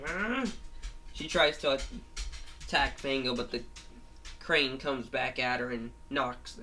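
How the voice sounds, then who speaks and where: A man's voice: medium pitch, bright, forceful tone. A man casually retelling a monster story of his own, rambling with frequent restarts and fillers, at home with his grandmother nearby.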